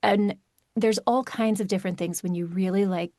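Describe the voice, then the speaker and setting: A woman from Maryland with a plain American accent, an audiobook narrator talking through an interview in a chatty, animated way. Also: medium pitch, no echo, studio quality. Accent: General American. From Maryland, USA. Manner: chatty, animated, quick asides. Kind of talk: casual interview chat.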